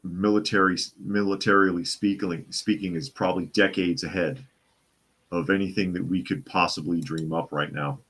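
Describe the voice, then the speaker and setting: Deep-voiced man hosting a casual talk. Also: fairly even intonation, normal speed, fairly bright tone, husky. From Boston area. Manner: conversational, restarts and repeats phrases. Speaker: live show host reading viewer comments.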